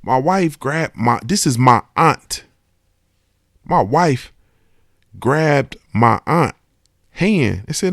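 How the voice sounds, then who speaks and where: A man's voice: mid-range voice, lively intonation, drawn-out words, vocal fry, long pauses, dry recording, studio quality. A man hosting a podcast in a casual, emphatic monologue, swearing freely and often checking that the listener understands. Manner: emphatic, profane, keeps asking "you understand what I'm saying". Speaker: podcast host.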